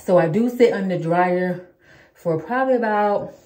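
A woman vlogger in her thirties chats casually at home while going through her hair-care routine, calling viewers y'all and using plenty of ums. She sounds out of breath. Her voice is medium-pitched and a little mellow at a normal speed, with a roomy sound.

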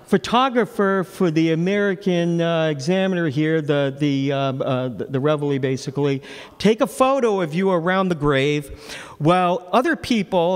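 A man's voice: on the high side, long reverb tail. A man, a local author, giving a book talk and telling a story with casual, wry asides and plenty of ums and uhs. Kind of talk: storytelling lecture to an audience.

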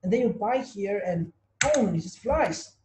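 A man's voice: high voice, animated, measured pace, background noise. A man teaching a trading webinar, repeating himself and asking his students rhetorical questions. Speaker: trading tutor. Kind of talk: online webinar lesson. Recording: roomy echo.

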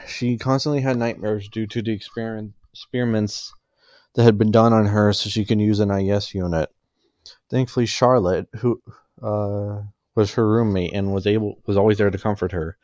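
Halting low-voiced man reading a story. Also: steady tone, darkish tone, dry recording, dull audio. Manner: halting, self-correcting. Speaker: fanfiction reader.

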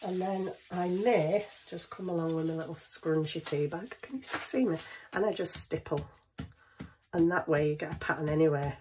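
A woman's voice: low voice, moderate pace, darkish tone, slight background noise, low-quality recording. A woman chatting casually in her home kitchen, thinking aloud as she works on a craft. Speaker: craft vlogger.

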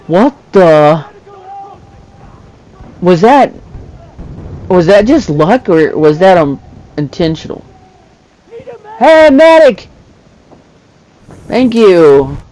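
A man's voice: fairly high pitch, expressive, takes it slowly, long pauses, dark tone, rough recording. A man giving casual, jokey commentary over his own gameplay, chuckling often and talking back to the game. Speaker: gamer narrating his play.

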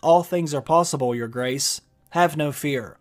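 A man reading as a soft-spoken sinister torturer. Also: a little high, measured pace, faint music behind, lightly acted. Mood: calm. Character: gentle sinister male court torturer.

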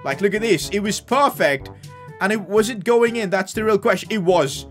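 A young man doing live commentary over a football video game, calm play-by-play breaking into loud excited outbursts. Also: high-pitched, normal speed, faint music behind. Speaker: gaming YouTuber.

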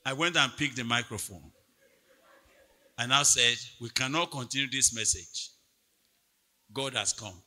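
Pastor preaching, sharp bright voice, big echoey hall, goes from soft to loud. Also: male voice, medium pitch, a little slow, long pauses. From Nigeria. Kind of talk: sermon. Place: large hall at a retreat. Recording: long hall reverb from a church PA.

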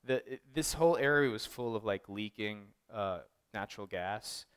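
Brief: male photographer, loose anecdotal talk, smooth clear voice, lots of "like"s. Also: fairly low pitch, moderate pace. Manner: rambling storyteller, many "like"s and restarts. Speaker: photographer giving an artist talk. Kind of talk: casual anecdotal presentation. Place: art gallery talk.

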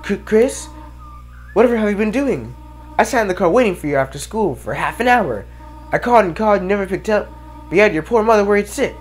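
A man voicing a worried, gentle goat-monster mother scolding her child over the phone in a prim, fussing way. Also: high-pitched, lively intonation, quick pace, faint music behind, voice pushed up. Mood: fretful.

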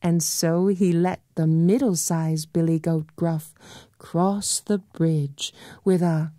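Slow expressive woman storyteller. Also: lowish voice, no room sound. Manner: expressive, deliberate telling. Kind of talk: folk tale storytelling. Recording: dry studio recording with soft music. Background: soft instrumental music.

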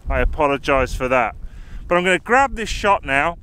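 A man's voice: on the high side, lively intonation, normal speed, sharp tone, clean tone. Chatty man vlogging outdoors. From southern England. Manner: chatty, self-deprecating and lightly joking. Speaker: landscape photographer and workshop host. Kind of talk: outdoor vlog commentary to camera. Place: outdoors on snowy, windy hills. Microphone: small on-camera microphone. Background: wind.

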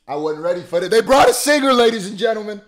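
A man, a rapper, giving casual, animated commentary full of slang and exclamations while reacting to a music video. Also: high-pitched, fast.

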